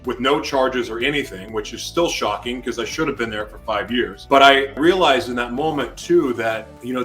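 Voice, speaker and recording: A man as an interview guest, telling a personal testimony in an animated way and acting out his own shouted words. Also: medium pitch.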